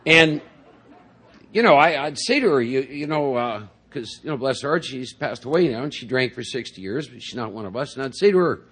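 Husky middle-aged man telling his story. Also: mid-range voice, sing-song, a little fast, fairly bright tone. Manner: rambling storytelling, frequent "you know" and "see?". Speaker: speaker at a recovery meeting. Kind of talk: personal recovery talk to a group. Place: in front of a large audience.

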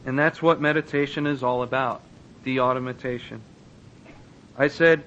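A man reading a book passage aloud with small asides, in an expressive, emphatic way that slows down for instructions. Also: medium pitch, lo-fi sound. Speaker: reader.

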